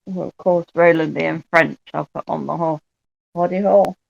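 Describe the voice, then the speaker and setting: A man's voice: fairly high pitch, flat delivery, fairly quick, gravelly, lo-fi sound. A man playing a tabletop game, talking in a chatty, rambling way. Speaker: player. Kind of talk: casual tabletop play.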